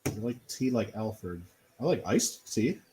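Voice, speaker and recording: A man's voice: fairly low pitch, very animated, unhurried, mellow, slight background noise. A playful man chatting casually while playing a farming game, often laughing. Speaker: co-streamer. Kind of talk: casual gameplay chat.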